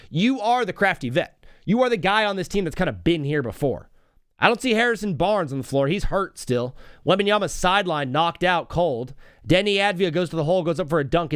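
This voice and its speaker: A man's voice: fairly high pitch, fairly bright tone, no room sound, studio quality. A young man in his twenties hosting a live sports stream, chatting casually and rambling between game updates, stories and viewer replies.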